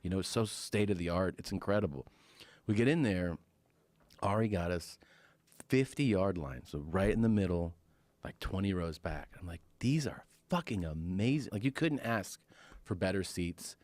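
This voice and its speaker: A man with a low voice tells a story in loose, casual conversation. He talks close to a dry, dead microphone and jumps into louder, higher voices when he quotes people. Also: normal speed, no room sound. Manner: animated storyteller, acts out quotes in raised voices. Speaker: podcast guest.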